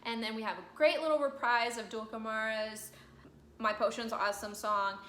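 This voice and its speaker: A young woman hosting a very casual, slangy summary of an opera, tossing in quick asides as the characters. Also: fairly high pitch, fairly even intonation, pushed and bright, roomy sound. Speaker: host.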